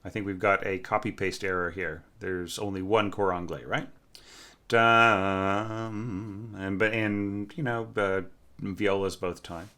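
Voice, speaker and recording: A man's voice: low-pitched, steady tone, normal speed, a bit bright. A man critiquing orchestration scores in a casual, thinking-aloud way, with many fillers, often humming the parts he is reading. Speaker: orchestration teacher reviewing scores.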